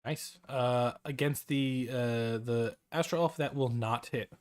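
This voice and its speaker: A man running a tabletop game as game master, talking in a relaxed, halting way with many fillers. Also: mid-range voice.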